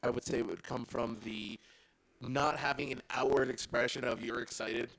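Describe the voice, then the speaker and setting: A man co-hosting a podcast in casual chat, making measured, deadpan jokes. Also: mid-range voice, vocal fry, a crowd in the background, rough recording. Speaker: podcast co-host.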